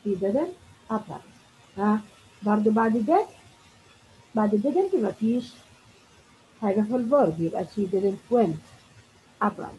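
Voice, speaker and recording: A woman's voice: mid-range voice, animated, normal speed, pauses often, warm tone, highs cut off, a little hiss or hum. A woman with an Egyptian accent teaching an exam review lesson. She reads test items aloud, explains them, and praises imagined students. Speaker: English teacher.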